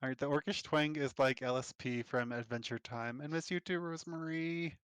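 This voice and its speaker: A man's voice: a little high, brisk, fairly bright tone, clear, resonant tone, no echo. A man running a tabletop game as game master, who narrates casually and laughs off his slips.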